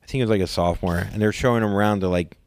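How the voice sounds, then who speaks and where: Talking very fast in a lowish voice, a podcast co-host in his forties tells a story in casual chat. He's animated and performs what people said in a raised voice, on a dry recording.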